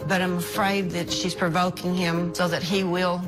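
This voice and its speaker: A woman's voice: on the low side, level tone, moderate pace, loud music behind the voice. Earnest, accusing grandmother on a talk show. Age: older. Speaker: guest, grandmother. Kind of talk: emotional talk show testimony.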